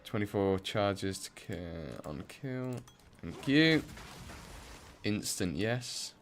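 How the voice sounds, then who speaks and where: Low-voiced English man, rambling stream chat. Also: expressive, slow pace, soft background music. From English Midlands. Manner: rambling, many fillers and restarts. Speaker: game streamer. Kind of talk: casual chat while playing.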